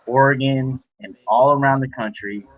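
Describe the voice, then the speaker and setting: An earnest man hosting a voice chat, patiently pulling the group back on topic. His voice is husky. The audio is dull and lo-fi. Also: medium pitch, steady tone, moderate pace. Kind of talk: casual discussion.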